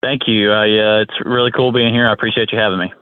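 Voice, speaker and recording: A man's voice: fairly low pitch, fast, no room sound. Man, guest angler, casual interview, rambling restarts, phone-line sound, dry. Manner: relaxed, rambling with many restarts.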